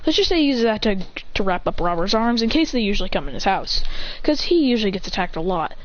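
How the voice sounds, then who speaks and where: A woman improvising a story out loud, rambling and correcting herself as she goes, and slipping into quick voices for the characters. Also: medium pitch, big pitch swings. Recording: dull lo-fi recording.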